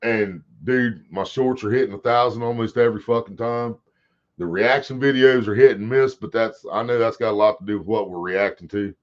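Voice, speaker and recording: A man's voice: on the low side, steady tone, brisk. A man hosting a casual livestream, rambling and swearing as he talks to his chat. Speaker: livestream host. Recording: dull lo-fi stream audio.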